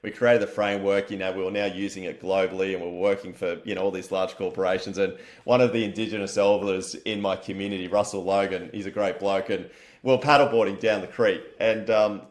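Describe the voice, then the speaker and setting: Matey Australian man, low voice. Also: fairly quick. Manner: energetic, matey, swears casually. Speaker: wellness company founder, guest. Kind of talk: casual interview chat.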